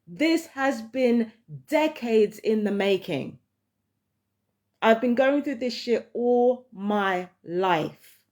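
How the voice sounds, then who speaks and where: Brief: woman vlogger, somewhat high voice, heated profane rant. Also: animated, very slow, a little mellow. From London, England. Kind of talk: casual monologue to camera.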